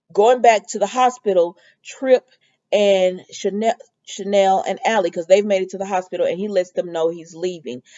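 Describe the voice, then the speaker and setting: A woman's voice: mid-range voice, dark tone, dull audio. A woman casually recapping a soap opera episode, talking in a loose, chatty way with lots of fillers and quoted lines. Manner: chatty, lots of "um" and "or whatever", quoting characters.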